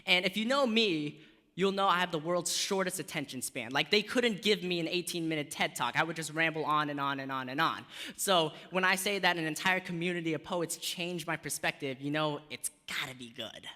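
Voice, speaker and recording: A man's voice: fairly high pitch, a little fast. A young American man performing spoken word poetry, then talking casually about poetry with rhythmic delivery. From United States. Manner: rhythmic, shifts from soft recited poetry to lively casual talk. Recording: long hall reverb.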